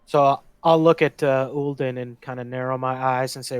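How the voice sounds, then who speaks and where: A man's voice: medium pitch, steady tone, moderate pace, clean tone, no echo. A man chatting as a tabletop player, easygoing with hesitant restarts. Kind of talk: casual chat.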